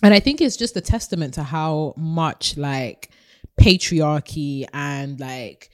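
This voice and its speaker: A woman's voice: deep voice, slow pace. A woman co-hosting a podcast, candid and opinionated with a wry humor. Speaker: podcast co-host. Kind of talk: casual chat.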